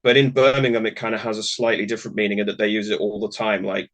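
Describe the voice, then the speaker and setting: A man's voice: on the low side, little pitch movement, quick pace, a bit bright. A man co-hosting a podcast, rambling in a friendly way and laughing often. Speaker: podcast co-host. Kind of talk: casual podcast discussion.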